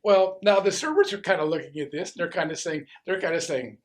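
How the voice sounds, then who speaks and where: A male pastor preaching a sermon in an animated, conversational way, often asking rhetorical questions. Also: fairly high pitch, fairly quick, hardly any pauses.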